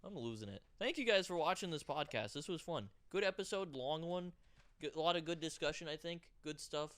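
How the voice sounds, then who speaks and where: A man's voice: fairly high pitch, expressive, fairly quick, a bit bright. Stammering young man co-hosting a podcast. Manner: repeats words and stammers, laughs often. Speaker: podcast co-host. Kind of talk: casual chat.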